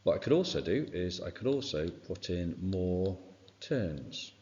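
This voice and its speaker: Very deep-voiced male teacher, revision lesson. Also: very animated, unhurried, darkish tone. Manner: informal, fills with "right" and "okay". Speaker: science teacher. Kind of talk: exam revision walkthrough. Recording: dull sound with long reverb.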